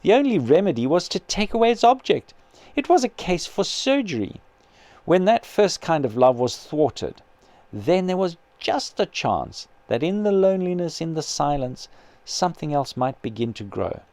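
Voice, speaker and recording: A man reading aloud as a patient male spirit who gently and earnestly persuades his grieving sister. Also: a little high, normal speed, no echo. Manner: calm, kindly, earnest persuasion.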